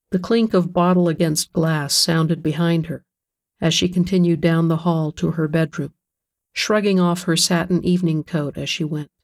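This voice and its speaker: A narrator reading a novel aloud in an even, measured storytelling manner. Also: medium pitch. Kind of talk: audiobook narration.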